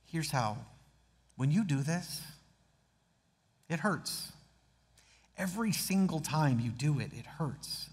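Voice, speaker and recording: A man's voice: a little high, animated, slow, pauses often, breathy edge, long reverb tail. A man preaching a sermon as pastor, earnest, reading scripture aloud with dramatic emphasis. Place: church sanctuary.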